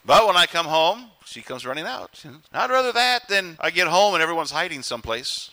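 Male pastor, middle-aged, bright and slightly high voice, emphatic sermon delivery. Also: very animated, a little fast. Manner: emphatic preaching, acts out quoted voices.

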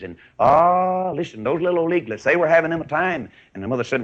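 Folksy preacher telling a story. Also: male voice, a little high, quick pace, hardly any pauses, lo-fi sound. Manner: folksy, animated storytelling with bursts of laughter. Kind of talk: sermon storytelling.

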